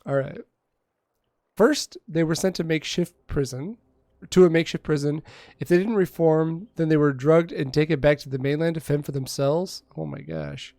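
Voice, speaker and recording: A man streams a game from home, reading its dialogue aloud in a casual way and tossing jokes to his viewers. His slightly high voice has a gravelly texture, and the close mic sounds dry. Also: normal speed, a little mellow, no room sound. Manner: casual, joking, reads text aloud with asides.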